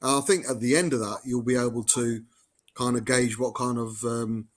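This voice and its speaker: A man's voice: mid-range voice, fairly even intonation, moderate pace. A man on a podcast panel talking football in a friendly, casual way. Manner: friendly, calls others "mate".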